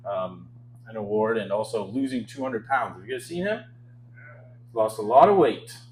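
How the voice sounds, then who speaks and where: A man's voice: medium pitch, slight background noise, low-quality recording. A man in his twenties from Canada doing a stand-up set on a club stage, telling self-deprecating stories with a wry, chuckling delivery into a handheld mic. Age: 20s. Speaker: stand-up comedian.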